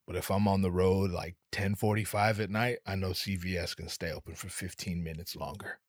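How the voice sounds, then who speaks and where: A man with a fairly low voice talks through a rambling comic podcast monologue, cursing freely and jumping into impressions. He is recorded close on the mic in a dry, dead space. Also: steady tone, brisk, dry recording. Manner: profane, joking, slips into voices. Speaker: podcast host. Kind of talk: casual comedic monologue.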